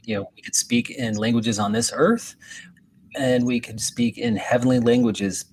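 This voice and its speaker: A man who is a guest minister on a Christian talk show, speaking in a relaxed, conversational way and quoting scripture. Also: mid-range voice, moderate pace, slight background noise.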